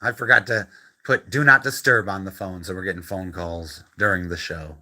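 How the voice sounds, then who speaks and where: A man's voice: sits low, fairly even intonation, normal speed, over loud music. Chatty man giving a home tour. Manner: chatty, rambling, playful. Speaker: channel co-host giving a room tour. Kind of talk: casual live-stream chat. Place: home media room. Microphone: handheld phone camera.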